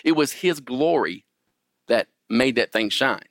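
A man's voice: mid-range voice, a little slow, no room sound, studio quality. A man giving an informal Bible lesson, often restarting and checking in with his listeners. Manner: frequent restarts, animated emphasis. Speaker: Bible teacher. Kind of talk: conversational Bible teaching.

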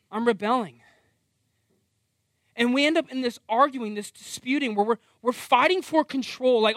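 Animated middle-aged male preacher. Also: very high voice, normal speed, no echo, clean studio sound. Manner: animated, acts out quoted voices; conversational, self-deprecating. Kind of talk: sermon.

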